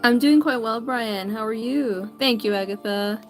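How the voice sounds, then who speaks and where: A fairly high-voiced woman streams herself drawing and chats casually with her viewers. She greets them one by one and often trips over her words, then corrects herself. Soft music plays faintly behind her. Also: measured pace. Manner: chatty, greets viewers by name. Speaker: livestreaming artist. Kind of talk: casual chat while drawing.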